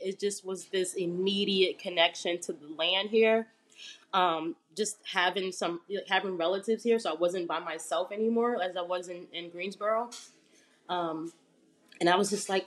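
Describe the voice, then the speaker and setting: A woman interview guest telling a personal story in a relaxed, chatty way with many fillers. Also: on the low side, moderate pace.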